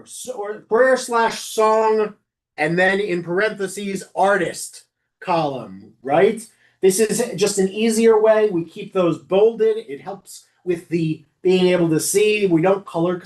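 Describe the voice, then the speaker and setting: A rabbi giving an instructional class talk to lay service leaders, conversational and often correcting themself mid-sentence. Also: mid-range voice. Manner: conversational, with frequent self-corrections and asides.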